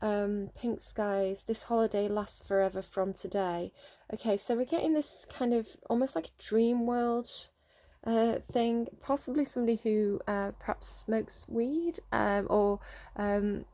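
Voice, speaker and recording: Woman doing a chatty tarot reading, kinda rambly and unsure, thinking out loud. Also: mid-range voice. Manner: rambling, tentative, thinking aloud. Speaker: tarot reader. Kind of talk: casual intuitive tarot reading.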